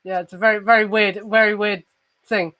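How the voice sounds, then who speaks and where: A woman's voice: medium pitch, little pitch movement, a little fast, sharp tone, no echo, low-quality recording. A woman from southern England with an Estuary English accent, chatting casually as a podcast host, swearing freely and tripping over restarts. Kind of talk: casual chat.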